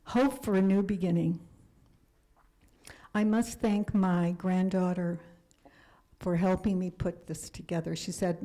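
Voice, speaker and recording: A woman in her seventies giving a talk about her life, speaking earnestly and sometimes dropping to a hush for emphasis. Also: fairly low pitch, fairly even intonation, unhurried, pauses often, low-quality recording. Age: 70s. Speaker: guest speaker. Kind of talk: personal storytelling lecture.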